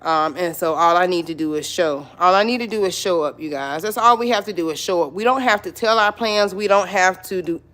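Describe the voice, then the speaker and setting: A woman's voice: fairly low pitch, brisk, hardly any pauses, fairly bright tone. A middle-aged woman chatting casually on a livestream as a lifestyle vlogger. She repeats herself often and keeps calling out to viewers with y'all and you guys. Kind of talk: casual live-stream chat.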